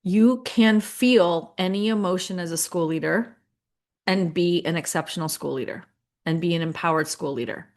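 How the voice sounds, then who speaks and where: Middle-aged woman, lower register, chatty leadership coach who acts out inner thoughts. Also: normal speed. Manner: conversational, acts out inner voices, lots of fillers. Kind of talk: coaching talk to school leaders.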